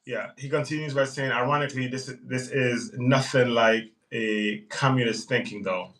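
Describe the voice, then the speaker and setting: A man's voice: medium pitch, steady tone, normal speed, a bit bright, recorded from a distance, rough recording. A male livestream host chatting casually, reading out viewer comments and rambling with restarts. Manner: reads chat comments aloud and rambles on politics.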